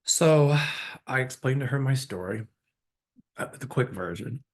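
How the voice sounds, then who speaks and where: A man's voice: mid-range voice, animated, measured pace. A man hosting his own channel, earnestly and candidly retelling a personal story with open emotion. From Chicago area, US. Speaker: channel host, psychic.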